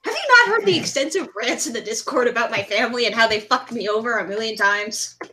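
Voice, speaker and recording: A woman with a somewhat high voice, joking and ranting in a casual group call. She talks bluntly and swears a lot, venting to her friends. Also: lively intonation, quick pace, pushed and bright, a little hiss or hum. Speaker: podcast panelist.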